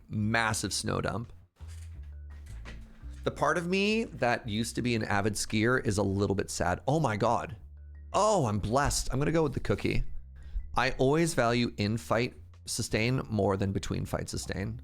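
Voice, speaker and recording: A man's voice: medium pitch, lively intonation, normal speed, vocal fry, soft background music. A man streaming a game live, chatting playfully with his viewers. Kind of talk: casual live-stream chat.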